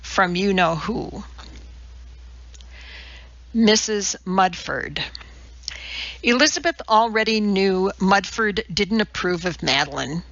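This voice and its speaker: A woman narrating a novel in a measured, even reading. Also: mid-range voice, no room sound, lo-fi sound. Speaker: audiobook narrator. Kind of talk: scripted narration.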